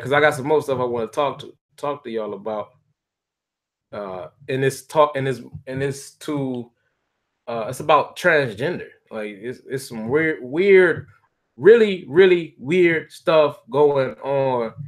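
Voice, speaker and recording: A man talking straight to his camera in a loose, rambling way, full of slang, false starts and asides to the viewers. His voice sits at an ordinary middle pitch. It sounds like a casual home video. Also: unhurried. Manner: rambling, chatty, with restarts and slang. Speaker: vlogger.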